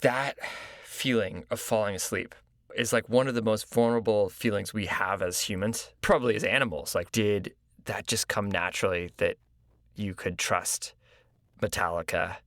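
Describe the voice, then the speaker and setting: A man interviewer with a fairly low voice, drawing his guest out with curious, open questions. His voice is recorded dry and close to the mic. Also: moderate pace, a bit bright, no room sound. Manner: curious, prompting follow-up questions. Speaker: podcast host, interviewer. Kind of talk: conversational interview.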